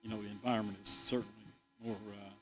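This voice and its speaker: A lower-voiced man on a school board speaks quickly in a flat, level tone. His remarks are appreciative and brief. Soft music is heard behind him. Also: poor audio. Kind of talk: meeting remarks.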